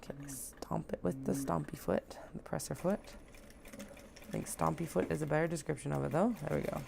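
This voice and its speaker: A woman's voice: low voice, fairly even intonation, brisk, creaky, background noise. A woman talking casually as she sews, joking and chatting to herself while she works in a home sewing room. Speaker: sewing vlogger.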